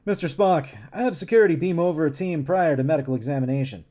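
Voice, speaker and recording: Commanding male starship captain, quick crisp orders, read by a male streamer. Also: a little high, mellow, close to an everyday voice.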